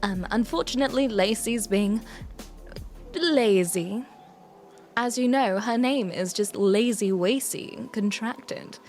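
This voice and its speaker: A woman's voice: a little high, takes it slowly, a little mellow, faint music behind. A young woman streaming live as a prim, self-important evil alter ego, with theatrical, old-fashioned phrasing. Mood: prim, chatty. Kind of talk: live stream character chat.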